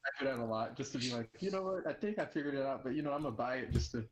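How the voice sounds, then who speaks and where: A man chatting as a stream guest in a soft, easygoing way. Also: mid-range voice, rapid-fire, background noise. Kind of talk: casual chat.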